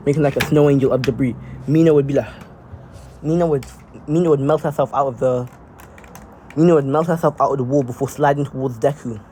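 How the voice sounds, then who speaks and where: A man casually improvising a fan-fiction story out loud, rambling with lots of fillers and restarts. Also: medium pitch, steady tone, quick pace, a little hiss or hum, poor audio.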